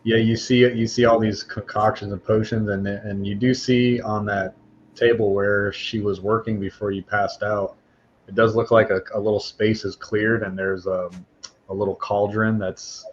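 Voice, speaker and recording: A male game master narrates a tabletop game in a low, flat voice, often hesitating and filling pauses. The recording is dull and lo-fi with a faint hiss underneath. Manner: hesitant, many fillers.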